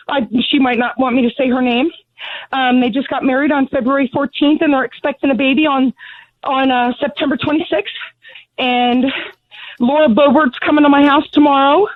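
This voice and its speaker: A woman's voice: high voice, no room sound. A middle-aged woman calling in as a grieving mother, talking in an angry, blunt, ranting way. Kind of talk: phone interview. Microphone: telephone. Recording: tinny phone line, dry.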